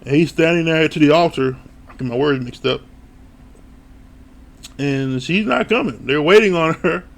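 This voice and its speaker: Male show reviewer with a gravelly voice; animated, casual recap full of laughs and swearing. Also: a little high, normal speed. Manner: animated storytelling, laughing often.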